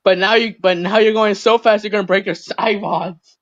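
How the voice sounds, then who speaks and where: A man's voice: sits high, fairly even intonation, fairly bright tone, no room sound, muffled recording. A man streaming a game with a friend, chatting casually in a playful, teasing way. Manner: playful, teasing, quick to break into silly voices. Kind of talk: casual gaming chat.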